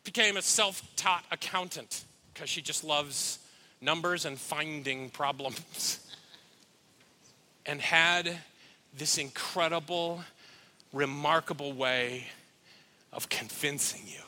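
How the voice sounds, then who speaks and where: Man, middle-aged, pastor, sermon, heartfelt storytelling, high pitch. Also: takes it slowly, pauses often, bright, forceful tone, slight background noise. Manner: heartfelt personal storytelling with asides to the congregation.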